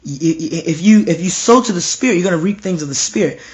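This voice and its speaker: A young man preaching informally at home, slightly hoarse, intense and repetitive, dropping to hushed tones when he quotes himself or God. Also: high-pitched, lively intonation, fast talker. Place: home room.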